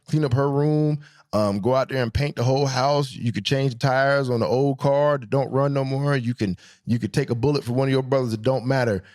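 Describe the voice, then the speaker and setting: A young adult man telling stories in a casual vlog, joking and profane, jumping between high squeals and low mutters. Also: fast. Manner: animated, swings from high squeals to low mutters for comic effect. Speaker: vlogger. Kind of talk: casual storytelling monologue.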